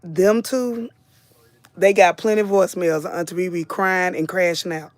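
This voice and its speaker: A middle-aged woman hosts a live commentary stream, chatting casually, reading viewer comments and names aloud, drawling and repeating phrases. Her voice is on the low side, steady, at a moderate pace, in a dry recording.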